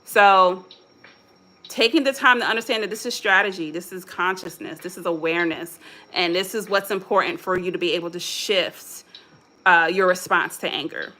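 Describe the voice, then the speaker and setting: A woman's voice: lowish voice, steady tone, normal speed, pushed and bright. A woman with a mixed Philadelphia and Chicago American accent, hosting a live motivational talk in a casual, candid way and speaking straight to her viewers. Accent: American English, Philadelphia and Chicago mix. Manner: casual, candid, self-coaching with quoted self-talk. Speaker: motivational host.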